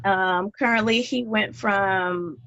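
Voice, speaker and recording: A woman's voice: mid-range voice, slow pace, fairly bright tone, dull audio. A woman in her thirties, a podcast guest, telling her life story in an earnest, heartfelt way. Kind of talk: podcast interview.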